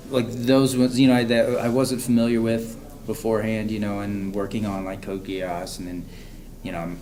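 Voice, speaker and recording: A man, an actor, chatting casually in an interview, relaxed and full of fillers like "you know.". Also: fairly low pitch. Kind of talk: casual chat. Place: convention room with crowd around.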